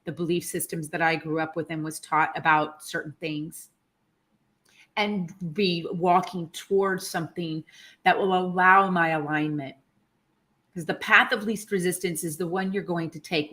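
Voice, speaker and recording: A woman with a slightly low voice gives an earnest motivational talk straight to her viewers. She gets animated and emotional as she goes, pausing and restarting her sentences. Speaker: motivational vlogger. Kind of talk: casual motivational talk to camera.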